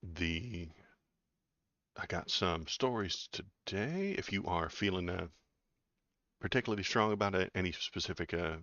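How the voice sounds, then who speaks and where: A man's voice: low-pitched, lively intonation, unhurried, long pauses, a bit bright, no room sound, highs cut off. A man hosting a casual political livestream, joking and rambling. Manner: joking, rambling, self-mocking. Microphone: webcam setup.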